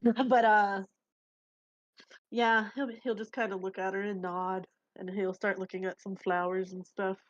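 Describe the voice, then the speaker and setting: A woman's voice: mid-range voice, flat delivery, unhurried, dry recording. A woman narrating her character's actions in a casual improv roleplay, hesitant with fillers. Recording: dull dry lo-fi mic.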